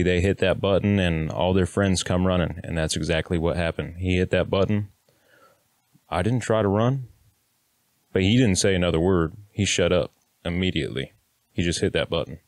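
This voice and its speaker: His voice sits low, and the recording has no echo. He's a Kansas man in his thirties telling a personal story to camera, plainspoken and blunt, now and then swearing and acting out what people said.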